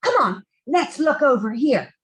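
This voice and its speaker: A woman voicing an excitable, mischievous young boy in a storybook reading. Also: sits high, a little slow. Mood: hushed.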